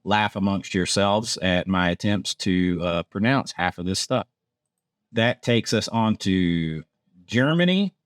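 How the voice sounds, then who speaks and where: A man's voice: low-pitched, fairly even intonation, slow, smooth, dry recording, studio quality. Chatty man reading menus. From Georgia, USA. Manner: chatty, self-deprecating, stumbles over foreign words. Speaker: theme park vlogger. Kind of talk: casual menu rundown.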